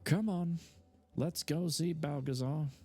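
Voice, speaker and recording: A man's voice: fairly high pitch, takes it slowly, warm tone, soft background music, pitched above the performer's own voice. A man voicing a protective, bossy older sister, scolding and exasperated.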